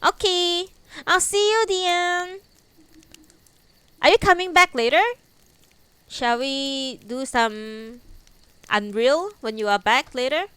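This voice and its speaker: A woman's voice: high-pitched, slow, pauses often, fairly bright tone, dry recording. A young woman streaming live, chatting and giggling with her viewers between book readings, still teary after crying. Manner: giggly, chatty, talks back to chat. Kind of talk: casual chat between readings.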